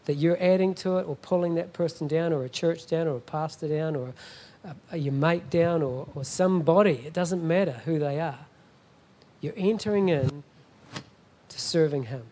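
High-pitched middle-aged guy preaching a sermon, emphatic, keeps asking amen. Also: normal speed, mellow, a little hiss or hum. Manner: emphatic, asks the congregation "Amen?" often. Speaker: guest pastor.

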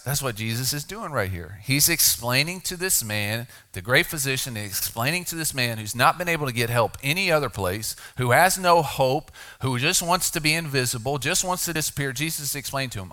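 A middle-aged man preaches a sermon in an easy, conversational way. His voice is bright and forward, and it drops quiet and deliberate when he lands a key point. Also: mid-range voice, lively intonation. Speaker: pastor.

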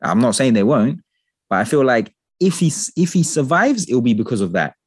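A man in casual political chat, talking with passion, swearing and ranting in an animated way. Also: medium pitch, fairly quick, husky, no echo, studio quality. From England.

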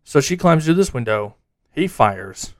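A man's voice: fairly high pitch, a little slow, dry recording, studio quality. A man in casual conversation, telling events as a story and acting out what people said. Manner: animated storyteller acting out quotes. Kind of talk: casual chat.

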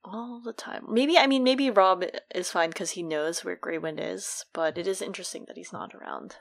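Speaking at normal speed in a mid-range voice with vocal fry, a young woman co-hosts a laid-back podcast about books. She chats freely, laughing a lot while performing lines from the story.

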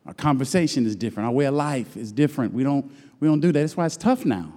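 A pastor preaching a sermon, swinging from loud shouted lines to low murmurs and drawing out his phrases. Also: lively intonation, fast talker. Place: church sanctuary. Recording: long hall reverb.

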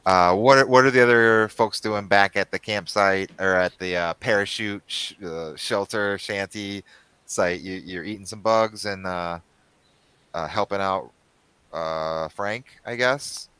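A man's voice: fairly low pitch, a little slow, sharp tone, clear, resonant tone, no echo. A man narrating a tabletop game as its game master, describing scenes in a casual storytelling way.

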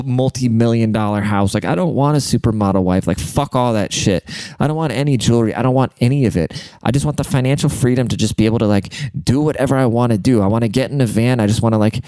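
A man's voice: fairly low pitch, warm tone, clean tone, dry recording. A young man rambling in a casual, profane, self-deprecating monologue as a podcast host.

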